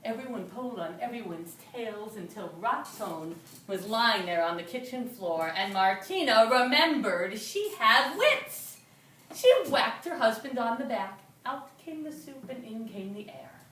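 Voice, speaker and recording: Expressive woman storyteller in an echoey room. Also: a little high, unhurried. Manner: rhythmic, repetitive, expressive telling. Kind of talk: live oral storytelling. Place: storytelling venue before an audience. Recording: roomy live room from a distance.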